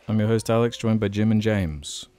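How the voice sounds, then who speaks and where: A man's voice: fairly low pitch, moderate pace, dark tone, dry recording. A man hosting a casual podcast, chatting and joking with his friends in a laid-back way. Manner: laid-back, jokey banter. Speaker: podcast host. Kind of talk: casual chat among friends.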